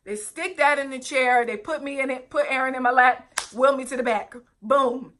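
A woman's voice: high voice, normal speed, fairly bright tone, a little hiss or hum. A young woman vlogger telling a personal story earnestly, with direct asides to her viewers. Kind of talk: storytime vlog, recounting a personal ordeal.

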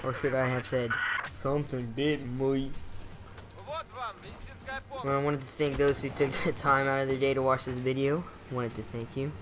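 A man's voice: mid-range voice, little pitch movement, brisk, few pauses. A young man giving goofy, casual commentary over his own gameplay, talking to himself and humming sound effects. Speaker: gaming channel host. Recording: noisy game sounds behind voice. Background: gunfire and explosions from the game.

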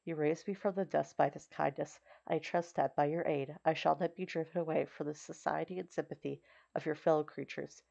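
A woman's voice: low-pitched, steady tone, brisk, vocal fry, warm tone, full character voice. A woman reading the lines of a lonely male creature built by man, in an earnest, formal and imploring manner. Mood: pleading. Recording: slightly dull recording.

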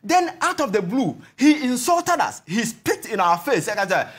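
A Ghanaian man speaks with fervent conviction, repeating phrases for emphasis. His pitch climbs and drops dramatically from one line to the next. He slips Twi phrases into his English. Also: very animated, normal speed, few pauses, a bit bright. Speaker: political commentator. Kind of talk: heated political talk show commentary.

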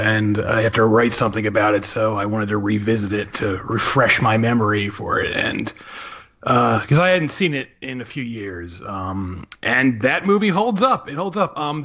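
Guy on a movie podcast, bright tense voice, lots of ums, kinda dull lo-fi sound. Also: mid-range voice. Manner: hesitant, many fillers and restarts, mimics voices. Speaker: podcast panelist, film writer. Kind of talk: casual podcast chat.

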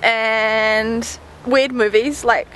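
A woman's voice: fairly high pitch, fairly even intonation, very slow. A woman chatting casually in a family vlog, playful, cooing at her pets. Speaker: vlogger. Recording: home camera with clear background noise.

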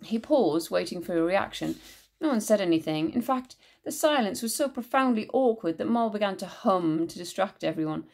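A woman teacher reading a children's book aloud with expressive storytelling narration. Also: medium pitch, normal speed.

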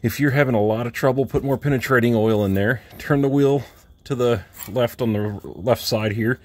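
Working beneath a vehicle on his home driveway, a man who makes DIY car repair videos explains each step plainly and casually, dropping in dry, wry comments. He has a mid-range voice, keeps a moderate pace, and the recording is dry.

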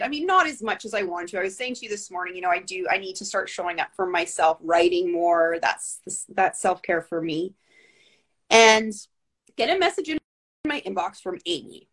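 Chatty breathy woman on a video call. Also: mid-range voice. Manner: chatty, animated storytelling with asides. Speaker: guest with Bell's palsy. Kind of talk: casual video-call interview.

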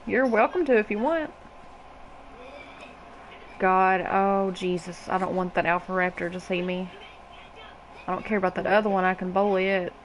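Kentucky woman in her twenties, loose foul-mouthed streamer chatter, mid-pitched. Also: a little hiss or hum, rough recording. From Kentucky, USA. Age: 20s. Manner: profane, chatty, greets viewers by name. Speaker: game streamer. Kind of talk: casual gaming stream chat.

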